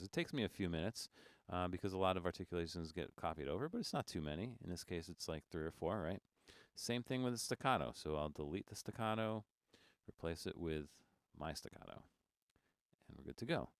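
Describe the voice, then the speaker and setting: Male software instructor, low clear voice, casual screen-cast delivery with ums and restarts. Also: no room sound, studio quality. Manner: relaxed, explanatory, many fillers and restarts. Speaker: music notation software instructor. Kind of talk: screen-recorded software tutorial.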